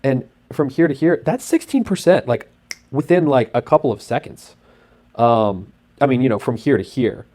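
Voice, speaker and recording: A man narrating casually over his screen as host, talking in an excitable, rambling way with lots of fillers. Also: mid-range voice, normal speed. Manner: acts out sound effects and his own thoughts.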